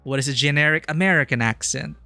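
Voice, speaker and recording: A man's voice: on the high side, fast talker, creaky, sharp tone, dry recording, soft background music. A man streaming a video game, chatting casually and enthusiastically, rambling with lots of "like". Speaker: streamer, filmmaker. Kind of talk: casual live game commentary.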